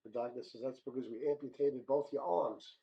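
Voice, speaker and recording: Male joke-show host, mellow voice, muffled lo-fi recording, quick voice changes for characters. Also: medium pitch, fairly even intonation, vocal fry. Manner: plain joke-telling with small stumbles, brief voice changes for characters. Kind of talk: reading listener jokes. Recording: dull lo-fi sound.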